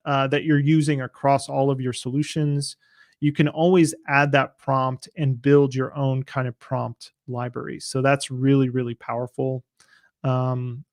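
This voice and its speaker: Man demoing software, loose and chatty. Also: medium pitch, creaky, no echo, clean studio sound. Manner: relaxed, loose explaining with frequent "uh" fillers. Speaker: software product demonstrator. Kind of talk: casual screen-share software demo.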